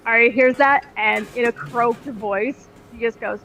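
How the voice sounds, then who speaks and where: A woman player chatting at a tabletop game in an excited, laughing way. The recording is noisy. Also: on the high side, measured pace. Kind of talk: casual table chat.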